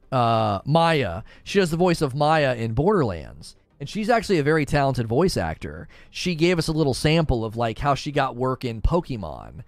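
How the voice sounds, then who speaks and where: A man's voice: medium pitch, dry recording. A man hosting a gaming news show, rambling in casual chat and answering viewers' questions.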